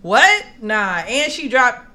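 A woman co-hosting a casual podcast, spinning a personal story. She talks at an ordinary medium pitch and brings the people in her story to life by acting out their lines. Her speech is loose and expressive, full of slang and asides. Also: a little slow. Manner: animated, acts out quotes, slangy asides. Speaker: podcast co-host.

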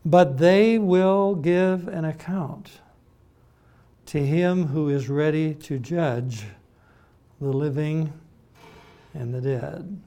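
A man preaching a sermon, emphatic and deliberate, repeating words as he builds his points. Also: fairly high pitch, dark tone.

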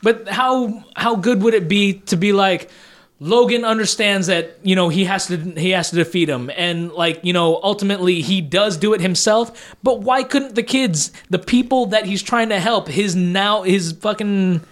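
A man's voice: sits high, moderate pace. A man co-hosting a casual movie review podcast, speaking in a laid-back, profane way full of fillers. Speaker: podcast co-host.

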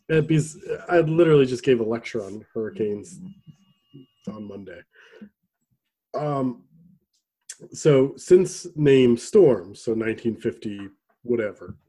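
A man co-hosting a casual podcast chat, rambling with restarts and throat clearing. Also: mid-range voice, lively intonation, slow, pauses often, warm tone. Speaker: podcast co-host.

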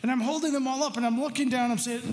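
A middle-aged male pastor preaching a sermon, telling a childhood story in a playful, animated way with jokes for the congregation. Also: very high-pitched, very fast, big-room sound. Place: church sanctuary.

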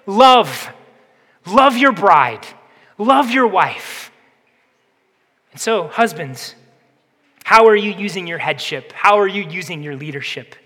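A man with a high, bright, ringing voice preaches in a long-echoing sanctuary. He presses his listeners with rhetorical questions. He swings between forceful emphasis and hushed, earnest stretches. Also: expressive, takes it slowly, pauses often. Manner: impassioned preaching, rhetorical questions, dips to soft intensity. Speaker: pastor. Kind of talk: sermon. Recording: reverberant hall.

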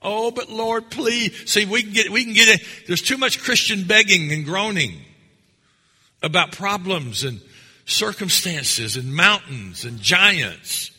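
A man preaching a fervent sermon as pastor, building from calm teaching to loud, emphatic exhortation. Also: high-pitched, unhurried, husky. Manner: fervent preaching, rising to shouts. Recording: long hall reverb.

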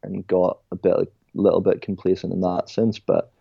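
A young former soccer player from Ireland joins a podcast over a call as a guest, chatting casually, telling stories and calling people "mate" a lot. His voice is deep and husky with vocal fry, delivered flat at a moderate pace. There's no echo, but the sound is lo-fi.

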